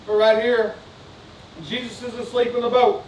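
A man's voice: very high voice, flat delivery, moderate pace, a little mellow, slight background noise. A male pastor preaching a sermon, fervent and repetitive, putting questions to his congregation. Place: church sanctuary. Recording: roomy sanctuary sound, distant mic.

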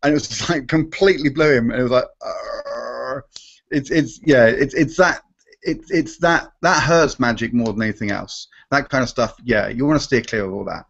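A man's voice: medium pitch, fairly quick, vocal fry, husky, lo-fi sound. A man, a magician guest in a live Q&A, talking animatedly and restarting his sentences often. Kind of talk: live Q&A chat.

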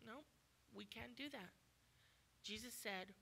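A woman's voice: mid-range voice, measured pace, sharp tone. A woman guest preacher delivering a sermon with emphatic, repetitive exhortation.

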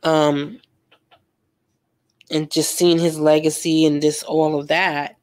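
Young woman, art vlogger, slangy, emotional casual chat, lowish voice. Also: little pitch movement, slow, darkish tone. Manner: chatty and emotional, lots of fillers and slang. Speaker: art vlogger painting live. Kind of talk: casual chat while painting.

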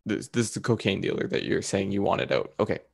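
A man with a very deep, gravelly voice hosts a podcast interview. He mostly gives short affirmations and asks brief clarifying questions, recorded in a dry space. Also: animated, quick pace, no echo. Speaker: podcast host. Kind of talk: conversational interview.

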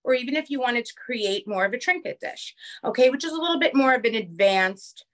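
A woman with a New York accent teaching a live online craft class over a phone camera, chatty and quick, checking in with the viewers often. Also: a little high, expressive. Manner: fast-talking, chatty, keeps checking in with "okay?". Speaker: craft instructor.

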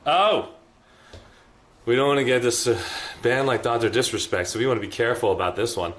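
A man's voice: medium pitch, fairly quick, fairly bright tone, slight background noise. A young man chatting casually to his live-stream viewers while moving around a house, reading out new followers and subscribers. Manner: chatty, talks to chat, reads out follows and subs. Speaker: IRL livestreamer. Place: indoors in a house, kitchen and bathroom.

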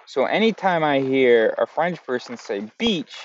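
A man's voice: medium pitch, big pitch swings, a little slow, lo-fi sound. A man from the United States talking to camera in a casual, meandering vlog, correcting himself as he goes. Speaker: vlogger. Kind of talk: casual rambling monologue.

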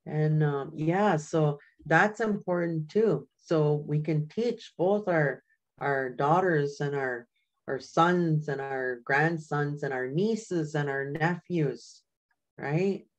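A woman's voice: sits low, takes it slowly. An older woman from Canada, an elder giving an informal teaching talk in a storytelling way, often checking in with "right?" and "you know". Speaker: community elder.

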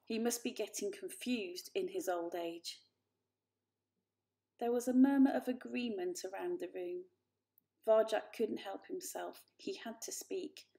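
A woman calmly reading a children's book aloud. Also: mid-range voice, creaky. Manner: calm, measured narration. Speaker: storyteller.

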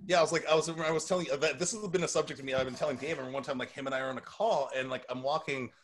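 Laughing, animated man telling stories. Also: medium pitch, very fast, crowd noise. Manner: animated storyteller, laughs often. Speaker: podcast host and personal trainer. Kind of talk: casual chat.

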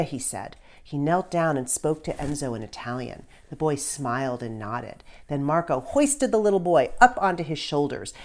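A woman's voice: low voice, moderate pace, few pauses, darkish tone. A middle-aged woman, a children's author, reading her book aloud to kids with a storyteller's manner and casual asides.

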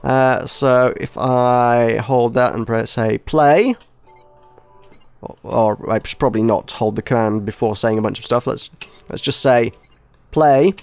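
A man's voice: mid-range voice, level tone, moderate pace, gravelly, clean tone, soft background music. A man with an English accent giving casual, rambling commentary on a game, hesitant and self-deprecating. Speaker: game reviewer.

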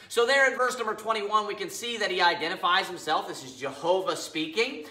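A man preaching a sermon as pastor, emphatic, slowing down to read scripture aloud. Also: high voice, animated, bright, forceful tone, roomy sound, poor audio. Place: church sanctuary.

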